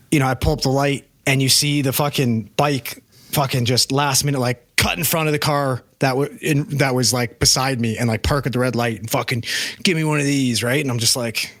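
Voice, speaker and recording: A man co-hosting a podcast, telling a profane, animated story in casual chat. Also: mid-range voice, no room sound. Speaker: podcast co-host.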